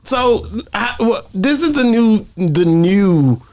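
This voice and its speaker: Give me a male interview host with a raspy, gravelly, bouncy voice who jokes between questions. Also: high voice, sing-song, darkish tone. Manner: joking, quick questions. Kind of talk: casual interview.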